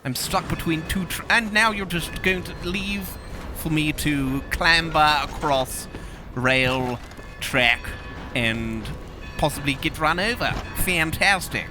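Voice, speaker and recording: With a fairly high voice and slow pace, an in-character gaming host pompously and theatrically narrates comedic gameplay against game music and sounds.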